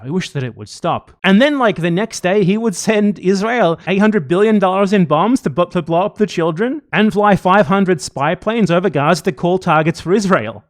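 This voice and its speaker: Angry, profane, animated male ranter. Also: a little high. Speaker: livestream host. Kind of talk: political commentary rant.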